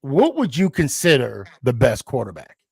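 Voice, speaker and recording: A man hosting a casual sports podcast, rambling and animated, laughing often. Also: medium pitch, normal speed, gravelly, breathy edge, no room sound. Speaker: podcast host.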